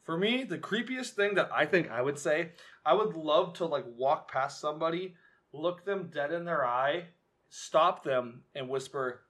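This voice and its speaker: A man's voice: a little high, expressive, a little slow, fairly bright tone. A man in his twenties co-hosting a podcast, telling rambling stories in casual chat, laughing often and swearing freely. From Northern California. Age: 20s. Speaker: podcast co-host.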